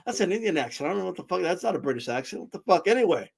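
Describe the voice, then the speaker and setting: A man's voice: high voice, very animated, very fast, creaky, slightly rough. A man streaming live, ranting heatedly and mockingly about boxing with constant profanity.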